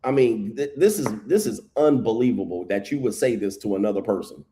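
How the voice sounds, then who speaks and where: A man's voice: fairly low pitch, expressive, fairly quick, dark tone, slight background noise. A man reacting to a video clip with blunt, mocking commentary, swearing freely as he talks. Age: adult past his first marriage.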